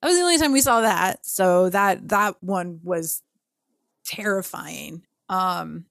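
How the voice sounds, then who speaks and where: A young woman and podcast co-host telling a story in casual chat, animated and full of fillers, acting out her own reactions. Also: on the low side, takes it slowly, gravelly, no echo, clean studio sound.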